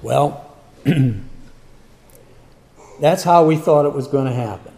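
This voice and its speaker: A man's voice: fairly high pitch, creaky, darkish tone. Older guy telling his life story, takes his time, voices the other people, big echoey hall. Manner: unhurried, acts out remembered dialogue. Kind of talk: personal testimony storytelling. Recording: long hall reverb, faint ambience.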